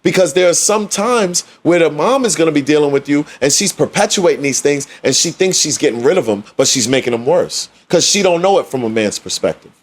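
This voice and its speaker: A man's voice: on the high side, animated, fairly quick, hardly any pauses. Man, podcast co-host, emphatic, repeats lines for impact, conversational. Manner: emphatic, preachy, repeats phrases for effect. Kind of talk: casual podcast discussion.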